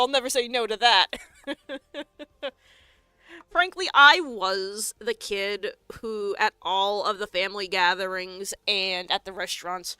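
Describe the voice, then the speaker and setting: Bright, unhurried young woman streamer. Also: mid-range voice, smooth, no echo. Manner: chatty, profane, laughs often, reads chat aloud. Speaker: live streamer and tabletop game master. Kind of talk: casual stream chat while crafting.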